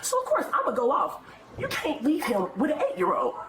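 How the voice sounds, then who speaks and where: A woman's voice: high-pitched, wildly swooping pitch, a little fast, fairly bright tone. A middle-aged grandmother complaining to a police officer in an indignant, emphatic way. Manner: indignant, emphatic, quotes herself. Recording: echoey room, far from mic, crowd noise.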